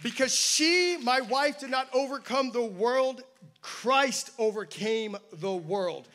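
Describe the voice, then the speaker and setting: A man's voice: very high voice, slow pace, sharp tone, a little hiss or hum. A man preaching a sermon as pastor, telling a personal story with self-deprecating humor. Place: church campus service.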